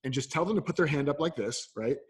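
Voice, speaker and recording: A man's voice: fairly high pitch, fast, husky. A man answering interview questions as a coach, telling stories and acting out little exchanges. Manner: animated storyteller, acts out voices. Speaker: coach, podcast guest. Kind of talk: casual interview conversation.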